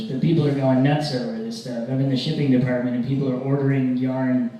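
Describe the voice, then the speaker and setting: A young man doing a stand-up comedy set, telling rambling deadpan stories with mock-angry rants. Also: medium pitch, quick pace, hardly any pauses. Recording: very echoey room, distant mic, faint hiss.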